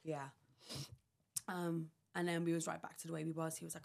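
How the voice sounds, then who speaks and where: Low gravelly young woman telling her story. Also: completely flat delivery, fairly quick, a little mellow. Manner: rambling, full of "like" and quoted dialogue. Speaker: podcast guest. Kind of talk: emotional personal storytelling.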